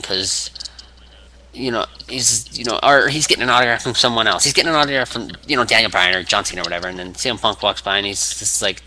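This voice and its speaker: Bright-voiced young guy rambling. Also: fairly low pitch, a little hiss or hum, low-quality recording. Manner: rambling with many restarts, acts out quotes. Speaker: wrestling fan video maker. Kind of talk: rambling fantasy booking monologue.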